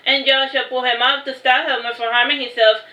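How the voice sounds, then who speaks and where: A woman's voice: high-pitched, level tone, brisk, sharp tone. A woman reading her own novel aloud as an audiobook narrator, unpolished, with frequent restarts. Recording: roomy echo.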